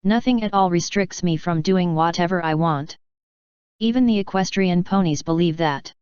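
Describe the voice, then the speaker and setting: A woman voicing a female pony who is a wife close to tears, defensive and hurt, in a very smooth, dry, lo-fi reading. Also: fairly low pitch, moderate pace, a little mellow, no room sound, close to an everyday voice. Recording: dull lo-fi.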